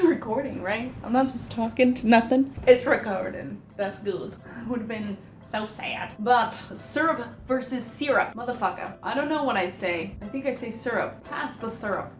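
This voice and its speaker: A woman's voice: on the high side, normal speed. A young woman vlogging in a casual, rambling way, goofy and self-mocking. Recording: echoey room with faint music.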